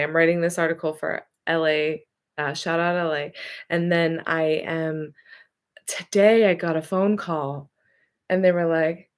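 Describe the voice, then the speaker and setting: A woman who works as a therapist is telling a story from her own life in a loose, rambling way. She talks slowly and unhurriedly, often stopping to correct herself. Her voice sits a little low for a woman. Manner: chatty, rambling retelling with self-corrections. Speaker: therapist and hypnotherapist. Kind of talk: casual storytelling monologue.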